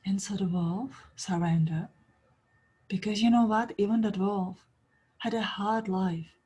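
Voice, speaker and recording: Soft-spoken, breathy woman teacher. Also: mid-range voice, steady tone, a little slow, poor audio. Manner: soft-spoken, storytelling, non-native grammar. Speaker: spiritual teacher. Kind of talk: spiritual talk.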